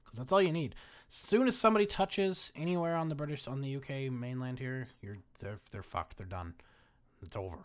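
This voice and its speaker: A man's voice: medium pitch, animated, brisk. A young man giving casual strategy-game commentary, laughing often and swearing freely. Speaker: gaming commentator.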